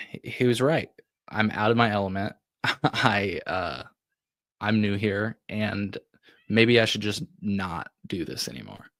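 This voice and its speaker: This podcast host recounts something from his own life in a loose, meandering way, packed with "like" and repeated restarts. His lowish voice is a bit bright, with no room sound.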